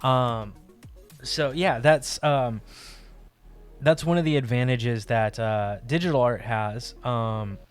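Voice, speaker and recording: Slow, rambling man streaming his art. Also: medium pitch, clean tone. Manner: relaxed and rambling, many fillers, laughs often. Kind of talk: casual chat while drawing. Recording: faint music behind the voice.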